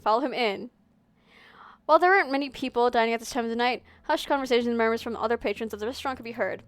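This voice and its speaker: A woman's voice: fairly high pitch, rapid-fire, clean tone, no echo. A woman streamer reading a visual novel aloud, speed-reading with giggly asides to chat.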